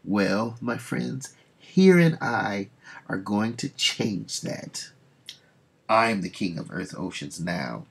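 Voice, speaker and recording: A man reading a comic aloud, voicing a gloating male supervillain in a metal helmet with an attempted metallic, booming voice. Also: big pitch swings, slow, a bit bright, slightly rough, full character voice.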